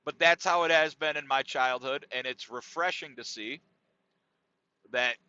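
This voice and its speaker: A middle-aged man's podcast monologue is laid-back, rambling, profane and comedic, delivered at a measured pace. His mid-range voice is smooth with a sharp tone. The recording is dry, dull and lo-fi.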